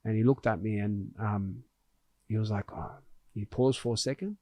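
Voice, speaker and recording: A man hosting a podcast tells a personal story in conversation, earnest and heartfelt. His voice is mellow and on the low side, moving at a normal speed, and he restarts his sentences often.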